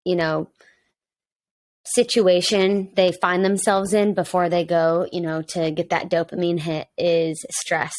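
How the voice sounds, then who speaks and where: A woman's voice: fairly low pitch, little pitch movement, a little slow, darkish tone. A woman in her twenties, a podcast guest who mentors young women, speaking openly and personally with many "um"s and "like"s. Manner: open and personal, with many fillers like "um" and "like". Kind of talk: candid conversational podcast talk.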